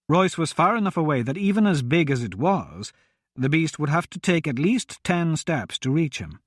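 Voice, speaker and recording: A man narrating a fantasy audiobook in a measured, expressive reading. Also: fairly high pitch, dry recording, clean studio sound.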